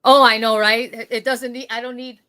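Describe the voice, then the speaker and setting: A woman's voice: a little high, flat delivery, brisk, bright, forceful tone. A woman guest in casual chat, rambling a little with many restarts.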